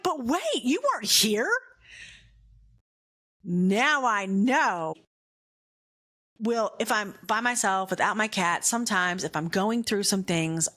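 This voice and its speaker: This podcast host's casual faith monologue is a personal story told in a mid-range voice. It's animated and filler-heavy, with lots of "like" and "right?", and she whispers through the frightening bits.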